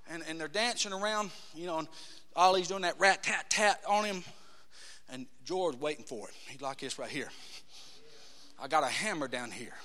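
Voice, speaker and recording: A man preaching a dramatic sermon in a church, acting out voices and swinging between hushed tones and shouts. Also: high voice, big-room sound. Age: 30s.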